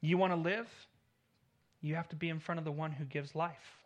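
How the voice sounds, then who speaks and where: A man preaching a sermon in an earnest tone, swelling louder on key points and dropping low at the ends of phrases. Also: fairly even intonation, normal speed. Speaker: pastor.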